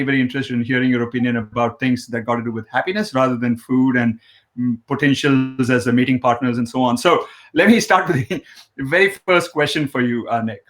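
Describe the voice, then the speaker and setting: A man's voice: mid-range voice, fairly bright tone. Chatty male host of a live show. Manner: chatty, joking, with many fillers and restarts. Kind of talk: live online interview.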